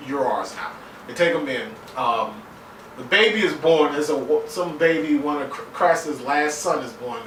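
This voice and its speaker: Loud bright guy ranting about a tv episode, kinda far from the mic, roomy echo. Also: mid-range voice, slight background noise. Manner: excitable, swears a lot, acts out scenes in voices. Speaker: TV episode reviewer. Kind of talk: casual profane recap.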